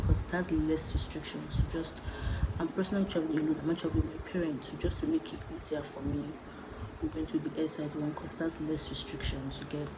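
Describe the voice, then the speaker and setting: A young woman vlogger from Nigeria, chatting casually and rambling as she talks to the camera. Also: low-pitched. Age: young adult. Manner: chatty, rambling, laid-back. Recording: noticeable background noise.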